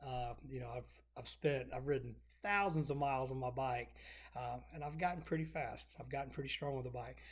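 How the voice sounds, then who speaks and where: A middle-aged man chatting casually to camera from his home exercise room, rambling, restarting phrases and clearing his throat. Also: mid-range voice, fairly quick. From North Texas. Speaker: vlogger.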